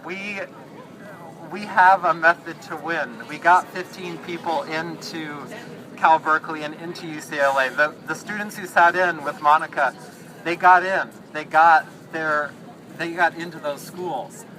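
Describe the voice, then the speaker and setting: A man speaking at an outdoor rally, halting, with many fillers and restarts. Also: fairly high pitch, steady tone, bright, forceful tone, slight background noise, poor audio.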